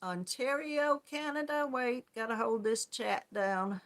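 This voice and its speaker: A yarn crafts channel host, a woman with a fairly bright, somewhat high voice, runs a casual live-stream chat at an unhurried pace. She greets viewers one at a time, stays chatty and friendly, and laughs a lot.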